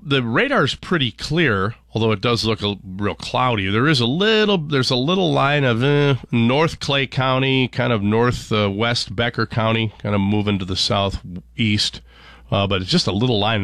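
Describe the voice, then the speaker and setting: A man's voice: mid-range voice, lively intonation, moderate pace, fairly bright tone, no room sound, studio quality. A man hosting a morning radio show, chatting casually, joking and reading station promos and headlines.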